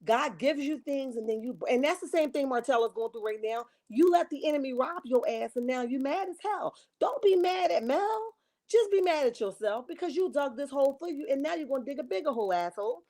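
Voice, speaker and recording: A woman's voice: high voice, lively intonation, fairly quick, mellow. A woman hosting a casual gossip livestream, reading viewer comments aloud and calling her viewers honey and baby. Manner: reenacts dramatic quotes. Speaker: livestream host reading chat.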